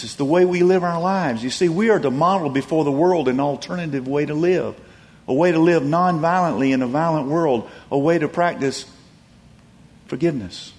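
A man preaching a sermon, telling stories and swinging from emphatic peaks down to soft, low passages. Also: long reverb tail. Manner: storytelling, rising to emphatic peaks then dropping soft and low. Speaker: pastor.

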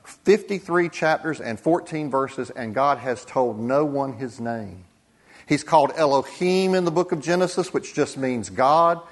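A man preaching a sermon as pastor, deliberate, with dramatic pauses and soft drops for emphasis. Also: medium pitch.

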